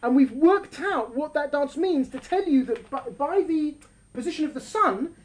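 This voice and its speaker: Animated woman holding forth to a group. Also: sits high, moderate pace. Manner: animated, talks over interruptions, mimics voices for fun. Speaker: speaker leading a group discussion. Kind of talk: lively talk to an audience with questions.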